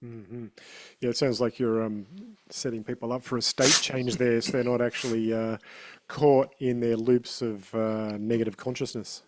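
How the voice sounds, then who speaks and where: A man hosting an interview, asking questions in a soft-spoken, affirming way. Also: mid-range voice, little pitch movement, moderate pace, a little hiss or hum. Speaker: podcast host.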